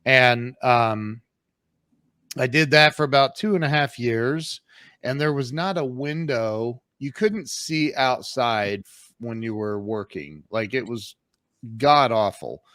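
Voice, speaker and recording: Fifties male guest, mid-pitched, candid and emphatic, recorded dry. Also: takes it slowly, fairly bright tone, no room sound. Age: 50s. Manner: candid, emphatic, acts out quoted exchanges. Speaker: podcast guest. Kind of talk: casual storytelling in an interview.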